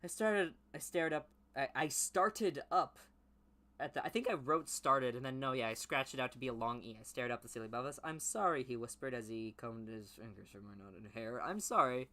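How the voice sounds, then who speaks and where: A young man reading his old teenage story aloud in a low mumble, then breaking off into loud, mocking commentary. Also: steady tone, brisk. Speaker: YouTuber reading his childhood writing.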